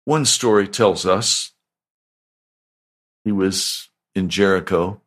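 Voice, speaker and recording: A male pastor delivering a radio sermon, asking slow, emphatic questions. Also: deep voice, a bit bright.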